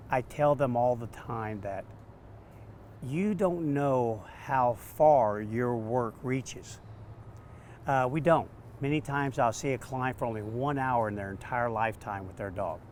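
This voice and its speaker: A man, a dog trainer, telling stories in an interview, animated and acting out quotes. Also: medium pitch, a little hiss or hum. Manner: animated, acts out quotes with laughs. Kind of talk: storytelling interview answers.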